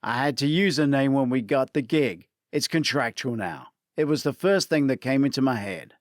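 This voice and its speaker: A man's voice: mid-range voice, animated, moderate pace, no room sound, studio quality, lightly acted. A man voicing a blunt, sarcastic older American detective in a spoken audiobook. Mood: dry. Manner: curt, sarcastic, dismissive.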